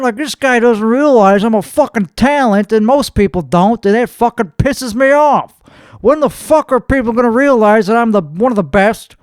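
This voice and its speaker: A man's voice: very high voice, no room sound, clean studio sound. A man hosting a comedy podcast, ranting in a profane, boastful and aggrieved way. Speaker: podcast host. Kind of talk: comedic rant.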